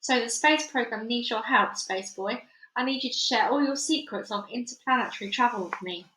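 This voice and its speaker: Woman putting on a sinister old German-accented mad scientist, sneering, cold, bright tone, echoey room. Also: a little high, normal speed, slight background noise. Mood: commanding.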